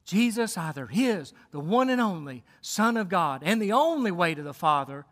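A man's voice: sits high, sing-song, moderate pace, a bit bright. A man preaching a sermon as pastor, fervent and direct, often repeating words as he presses a point to the congregation. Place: church sanctuary. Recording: long reverb of a large hall.

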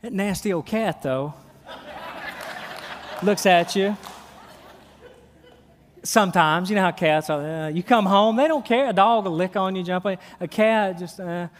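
A man's voice: high-pitched, a little slow, pauses often. A middle-aged man preaching a sermon. He talks animatedly and acts out little scenes in his own voice. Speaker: pastor. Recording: long reverb of a church hall.

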